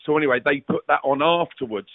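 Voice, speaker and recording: Middle-aged man, chatty guest storyteller, a touch higher pitched, phone-quality audio. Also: quick pace, no echo. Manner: rambling anecdotes with swearing and restarts. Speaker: guest, former footballer. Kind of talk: casual storytelling chat. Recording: tinny phone-like audio, dry.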